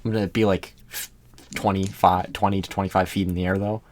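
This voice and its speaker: A man's voice: low voice, level tone, fairly quick, slight background noise. A man playing a tabletop game casually, laid-back and swearing now and then. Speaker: player.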